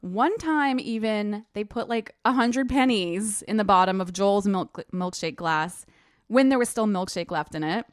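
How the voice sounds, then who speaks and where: A woman co-hosting a casual book podcast, chatty and quick to laugh. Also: medium pitch, no echo, clean studio sound. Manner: chatty, giggly. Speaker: podcast co-host.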